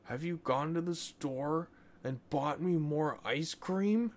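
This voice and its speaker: A man's voice: a little high, slow pace, a little mellow, pitched above the performer's own voice. A man voicing a whiny little boy who only wants ice cream, reading a children's storybook aloud.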